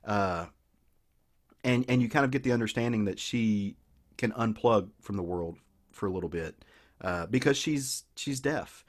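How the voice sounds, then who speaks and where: A man speaks a little slowly in a lowish voice with a Southern US accent. Co-hosting a podcast, he enthusiastically retells a comic book plot in a rambling, casual way with many restarts.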